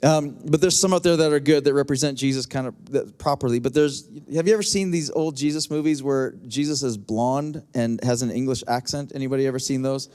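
A man's voice: medium pitch, fairly quick, few pauses, darkish tone. A man preaching a passionate sermon as pastor, with emphatic repetitions and direct asides to his congregation.

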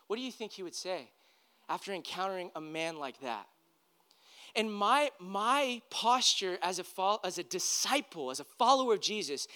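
A man preaching a conversational sermon, asking the congregation questions and growing louder and higher when he exhorts them. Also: clear, resonant tone. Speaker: pastor.

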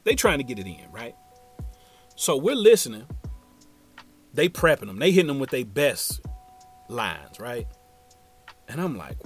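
Lively man spinning a yarn. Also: mid-range voice, unhurried, pauses often, faint music behind. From Ohio. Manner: animated, slangy, acts out the other people in the story. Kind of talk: casual storytelling.

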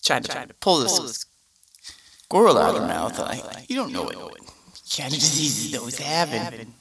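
A man's voice: mid-range voice, sing-song, slow, gravelly, a bit bright, breathy edge. A man hosting a casual solo podcast, rambling through laid-back stories and laughing at himself. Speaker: podcast host.

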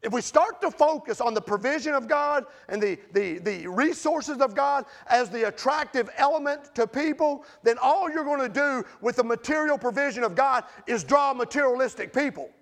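High-voiced gravelly preacher man. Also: animated, moderate pace, few pauses. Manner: impassioned, swings between loud and hushed. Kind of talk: sermon.

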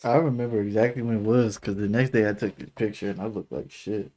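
A man's voice: fairly low pitch, fairly even intonation, fast talker, mellow. A man co-hosting a couples podcast in casual chat, teasing and swearing freely. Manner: teasing, profane, laughs often. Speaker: podcast co-host.

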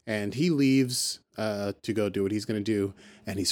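A man co-hosting a podcast, recapping an episode in a rambling, playful way and dipping into quick voices when he quotes characters. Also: fairly low pitch, a little mellow. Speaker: podcast co-host. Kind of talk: casual recap chat.

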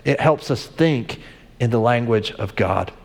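A man of average pitch delivers a sermon in a relaxed, conversational way, telling stories and often restarting his sentences. His voice rings out through a church hall with long reverb. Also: a little slow. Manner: conversational storytelling with frequent restarts. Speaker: pastor.

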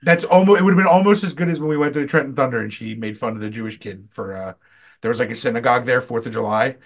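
A man telling a long, animated anecdote on a casual podcast, full of fillers and restarts. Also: medium pitch, fast. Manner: rambling, animated anecdotes with many fillers and self-corrections. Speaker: podcast co-host. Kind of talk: casual storytelling chat.

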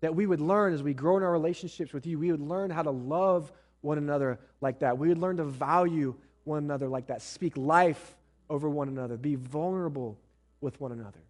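A man's voice: a little high, a little fast, a little mellow. A male pastor preaching to his congregation, blunt and joking, and acting out what spouses say to each other. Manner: blunt, joking asides, acts out spouses' lines. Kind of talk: sermon.

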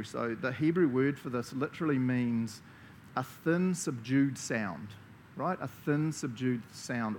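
A man's voice: medium pitch, a little hiss or hum. A man with a New Zealand accent preaching a conversational sermon, enthusiastic and chatty, laughing often as he talks. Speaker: pastor.

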